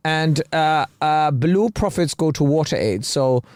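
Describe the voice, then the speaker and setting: Joking podcast host. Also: male voice, fairly high pitch, unhurried, darkish tone, dry recording, clean studio sound. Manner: joking, rambling. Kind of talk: casual chat.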